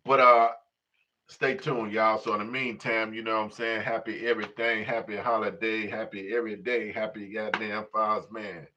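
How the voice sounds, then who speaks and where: A man's voice: lowish voice, flat delivery, moderate pace, bright, forceful tone. A middle-aged man from Chicago hosting a livestream, rambling in a profane, streetwise way and filling his talk with "you know what I'm saying". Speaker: livestream host. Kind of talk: casual unscripted monologue. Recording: slightly dull lo-fi audio.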